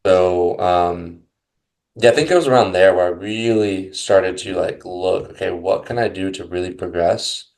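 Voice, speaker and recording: A young man appearing as a podcast guest, reflecting aloud with a very deep voice that has lots of gravelly fry. He speaks haltingly, restarting thoughts and softening them with casual fillers. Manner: halting, full of restarts and hedges like kinda and you know.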